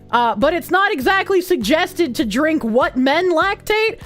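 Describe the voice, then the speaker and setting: A woman with a Boston accent, streaming and reading her chat aloud, animated and full of crude jokes and frequent laughter. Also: very high voice, measured pace, soft background music.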